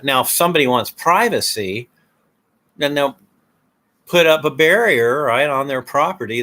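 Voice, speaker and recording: A man's voice: medium pitch, pushed and bright. A man talking in a casual, rambling monologue, full of fillers and restarts. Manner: hesitant, many fillers and restarts. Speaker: video host.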